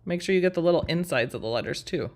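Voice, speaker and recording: A woman's voice: lowish voice, animated, fast talker, a little mellow, a little hiss or hum. A woman in her forties hosting a live craft design stream, chatting with viewers as friends while she works through a tutorial. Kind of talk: live screen-share tutorial with viewer chat.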